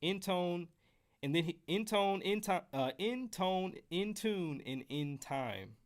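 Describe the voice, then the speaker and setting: A man's voice: sits high, expressive, slow pace. An American man teaching trumpet scales on a live stream, casual and joking with the chat. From United States. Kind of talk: live-streamed music lesson.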